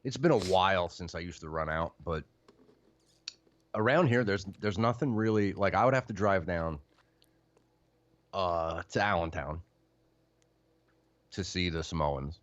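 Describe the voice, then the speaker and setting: A man's voice: deep voice, a little slow, pauses often, no room sound, muffled recording. A man from central Pennsylvania chatting as a guest, rambling and trailing off. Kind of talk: casual chat.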